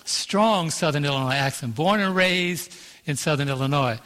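A slightly high-voiced pastor, a bit bright in tone, preaches emphatically at normal speed. He draws out scripture and asks for "Amen", with the long reverb of a church auditorium echoing behind him.

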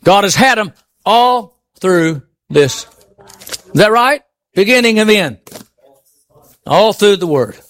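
A man with a high voice preaching a sermon to his congregation. He presses his points with rhetorical questions and swings from ringing high exclamations down to quiet, low murmurs. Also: animated, slow, long pauses.

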